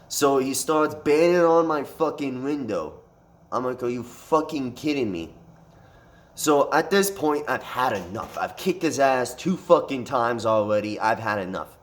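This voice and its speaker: A man's voice: medium pitch, measured pace. A man telling a fight story in a casual storytime monologue, swearing constantly and rambling with restarts. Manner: profane, animated retelling with frequent swearing.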